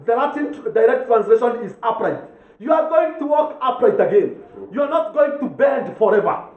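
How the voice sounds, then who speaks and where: A male pastor with a Kenyan accent preaches with fervent calls and bursts of chuckling. His voice sits very high. The sound is tinny and thin, like a phone line, and it echoes around the church. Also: animated, moderate pace. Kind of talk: sermon.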